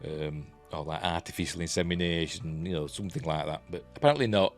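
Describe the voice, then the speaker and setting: Deep-voiced Yorkshire man rambling casually. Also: fast, soft background music. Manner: rambling, full of "you know" and "um" fillers. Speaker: TV episode reviewer. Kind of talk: casual spoken review.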